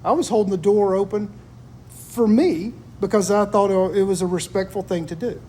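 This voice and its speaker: Earnest high-voiced man chatting. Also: moderate pace, mellow, slight background noise. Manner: earnest, reflective storytelling. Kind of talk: casual chat.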